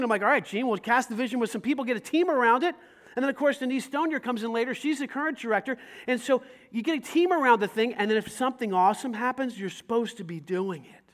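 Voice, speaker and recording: A man preaching a sermon as pastor, telling stories with lively acted-out dialogue and rising to loud emphasis. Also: very high voice, quick pace. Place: church sanctuary.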